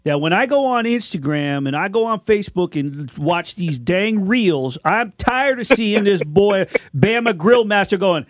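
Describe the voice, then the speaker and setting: A man's voice: high-pitched, lively intonation, unhurried, hardly any pauses, no echo, clean studio sound. A man co-hosting a sports talk radio show, playful and jokey. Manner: playful, jokey, does impressions.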